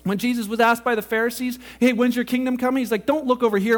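A man preaching a sermon, animated and casual, acting out quoted voices as he goes. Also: very high voice, quick pace. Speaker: pastor.

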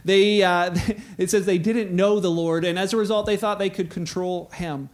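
Middle-aged male pastor, high-pitched, animated storyteller in a sermon. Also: moderate pace. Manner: animated storytelling, acting out quoted voices.

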